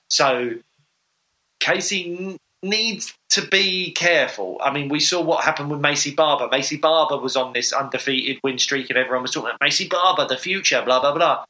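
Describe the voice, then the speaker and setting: A man's voice: mid-range voice, sharp tone, poor audio. A man co-hosting a podcast, chatting casually and enthusiastically with lots of fillers. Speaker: podcast co-host. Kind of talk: casual sports chat.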